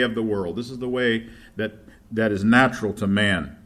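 A man preaching a sermon, reading scripture aloud louder and slower, then dropping to quiet asides. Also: on the low side.

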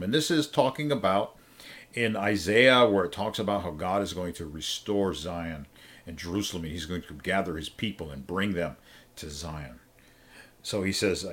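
A man's voice: low-pitched, animated, normal speed, a bit bright. A man preaching an expository Bible lesson, reading verses aloud and explaining them step by step while checking in with the listeners. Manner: explanatory, asks listeners to turn pages, checks in with "all right?".

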